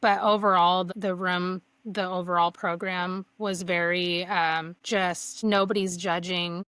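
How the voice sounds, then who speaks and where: A woman's voice: fairly low pitch, little pitch movement, a little slow, a bit bright, smooth, no room sound. Earnest woman telling her story, dry sound. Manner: earnest, with frequent "like" and restarts. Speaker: podcast guest. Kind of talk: candid personal storytelling.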